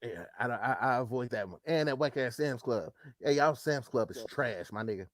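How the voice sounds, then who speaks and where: A man's voice: medium pitch, expressive, fairly quick, no room sound, studio quality. A man, co-hosting a podcast, laughing often and throwing in short, teasing comebacks. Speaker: podcast co-host. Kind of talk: casual comedic chat.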